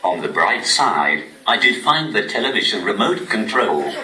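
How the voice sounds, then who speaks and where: A man doing stand-up comedy through a text-to-speech device, with a posh synthetic voice and deadpan delivery. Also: fairly low pitch, normal speed, a crowd in the background. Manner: deadpan, evenly paced machine delivery. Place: cinema venue on stage before a laughing audience. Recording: echoey room, distant mic, loud noise.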